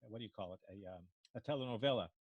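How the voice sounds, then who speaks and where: A man's voice: on the low side, very fast, slightly rough, no echo, muffled recording. Frank New man teaching improv. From New York. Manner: storytelling, frank, swears casually. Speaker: improv instructor. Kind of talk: teaching class discussion.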